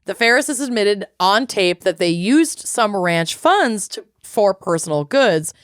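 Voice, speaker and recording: A woman's voice: medium pitch, expressive, a little slow, smooth, no echo, studio quality. A woman co-hosting a podcast, casually retelling a true crime case and reading out court quotes, with some swearing. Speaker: podcast co-host.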